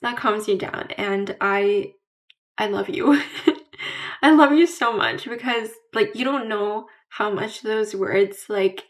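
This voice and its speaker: A woman talking candidly to camera in a casual vlog. She pauses to search for words, repeats herself and restarts often, and fills the gaps with "like". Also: mid-range voice. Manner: searches for words mid-sentence. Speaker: vlogger.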